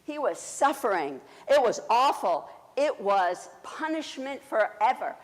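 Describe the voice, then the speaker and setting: Woman telling a sermon story, lively pitch. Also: measured pace, big-room sound. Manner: animated, hesitant with fillers. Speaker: church storyteller. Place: church sanctuary.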